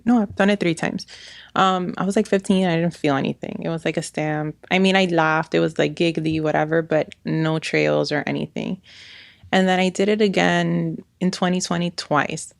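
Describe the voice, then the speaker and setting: Low, gravelly-voiced woman chatting. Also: dry recording, studio quality. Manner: chatty, fills with "like". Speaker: podcast host. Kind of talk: casual chat.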